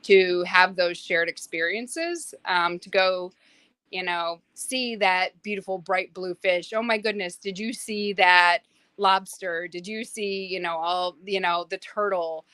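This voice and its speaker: A woman's voice: fairly low pitch, unhurried, smooth, dry recording. A woman who works as a private yacht chef, chatting in an interview and telling stories with lots of fillers. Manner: animated, many fillers, acts out quotes. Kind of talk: casual interview storytelling.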